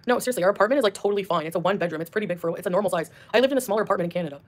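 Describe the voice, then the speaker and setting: A woman's voice: mid-range voice, racing. A woman streamer ranting defensively in clips from her livestream.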